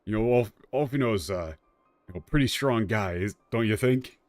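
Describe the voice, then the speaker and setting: A man streaming a game, talking casually and ranting in an animated way with frequent restarts. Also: on the low side, normal speed, no echo, faint music behind. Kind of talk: casual commentary while playing.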